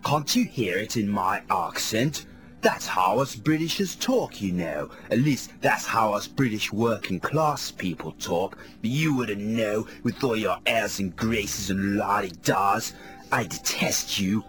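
Brooding, whispery film star , put on by a male radio host — low-ish voice, over-the-top drama, music underneath. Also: animated, moderate pace, a bit bright. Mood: cheeky. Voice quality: breathy stage whisper. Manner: melodramatic, self-mocking monologue.

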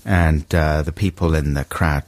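A man co-hosting a radio show, chatting casually, laughing easily and talking in halting bits. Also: extremely low pitch, steady tone, dry recording.

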